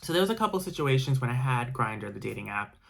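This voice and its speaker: A man's voice: medium pitch, sing-song, fast talker, gravelly, fairly bright tone. Rambling young man telling a story. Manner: rambling, heavy use of like and filler restarts. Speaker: vlogger. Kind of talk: casual storytelling to camera.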